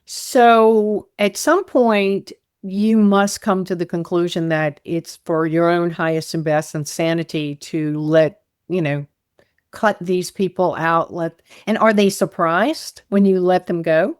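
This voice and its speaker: Expressive woman host, lower voice. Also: slow, smooth, dry recording, studio quality. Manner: expressive, laughs while questioning. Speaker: podcast host. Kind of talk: casual interview talk.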